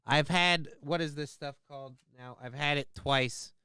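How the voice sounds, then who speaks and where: A man's voice: a little high, measured pace, bright, forceful tone, smooth, no room sound, studio quality. A man hosting a livestream, talking casually in a rambling, profane, self-mocking way. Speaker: livestream host.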